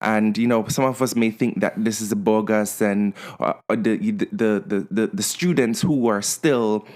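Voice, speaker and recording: A man's voice: lowish voice, unhurried, a little mellow. Man telling a story on a podcast. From Canada. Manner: storytelling, many restarts and fillers. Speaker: podcast co-host. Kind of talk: casual podcast chat.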